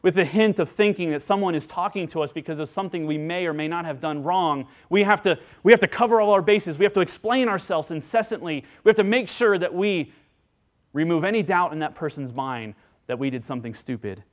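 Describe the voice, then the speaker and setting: A man preaching a sermon, his voice sitting a little higher than most men's. He is earnest and dynamic. He presses hard on key lines and then sinks to quiet, confiding ones. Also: a little fast. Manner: earnest, dynamic preaching that swings between emphatic and hushed. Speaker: pastor.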